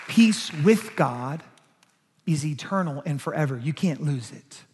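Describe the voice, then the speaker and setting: A man's voice: on the high side, animated, a little slow, a faint crowd, a little hiss or hum. A man preaching a sermon as pastor, emphatic, rising and falling in force. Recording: long hall reverb.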